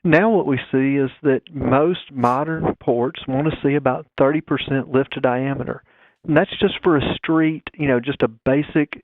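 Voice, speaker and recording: A man's voice: mid-range voice, dry recording. A man calling in as a guest engineer, explaining technical details step by step in a phone interview. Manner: explanatory, talks through figures step by step. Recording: dry tinny phone line.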